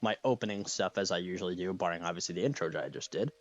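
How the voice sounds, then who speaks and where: A man's voice: low-pitched, rapid-fire, muffled recording. A man hosting a podcast in casual chat, with a slight lisp, laughing often and restarting his sentences. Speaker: podcast host.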